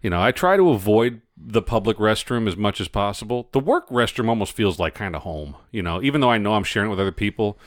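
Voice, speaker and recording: A man's voice: fairly low pitch, animated, fast talker, hardly any pauses, no room sound. Wry man on a dry mic. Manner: wry, teasing asides. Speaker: podcast co-host. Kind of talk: casual chat.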